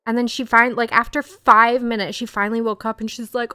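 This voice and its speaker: A woman's voice: fairly high pitch, steady tone, measured pace, pushed and bright, no echo. A young woman streamer telling a story in casual live-stream chat, full of "like" fillers. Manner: chatty storytelling, frequent "like" fillers.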